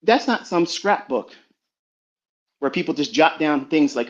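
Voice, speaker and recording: A man's voice: medium pitch, a little fast, a little mellow. Profane preachy man, muffled stream. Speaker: trading mentor. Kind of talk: motivational talk on a live audio stream. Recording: dull lo-fi online stream audio.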